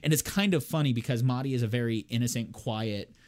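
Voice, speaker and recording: A man's voice: medium pitch, quick pace, darkish tone. Laughing, rambling young man telling a story. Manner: rambling storyteller, laughs often, mimics friends' voices. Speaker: expecting father telling a story. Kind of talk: casual chat.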